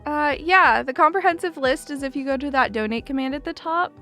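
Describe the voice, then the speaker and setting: A woman's voice: high-pitched, a little fast, sharp tone, soft background music. A young woman hosting a livestream, chatting casually with her chat and laughing often. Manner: giggly, chatty, lots of laughing. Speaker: streamer host.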